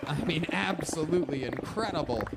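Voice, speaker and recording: A man's voice: on the high side, animated, a little fast, a loud crowd. A man hosting a live comedy show, roasting a guest with crude, mocking humor. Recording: loud background noise with clicks.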